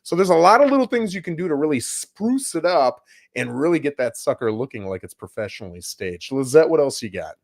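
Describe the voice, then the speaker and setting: A man's voice: a little high, brisk, creaky, hardly any pauses. A man co-hosting a casual advice chat, sharing home-selling tips and acting out quotes from clients. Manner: animated, acts out client quotes. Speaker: real estate broker co-host.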